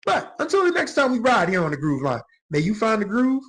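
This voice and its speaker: A middle-aged man with a scratchy throat hosting his own music channel, talking casually and reflectively about songs, now and then letting out a drawn-out "whew.". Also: sits high, huge pitch swings, a bit bright. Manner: reflective, gets emotional, drawls exclamations like "whew". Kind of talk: casual solo music commentary.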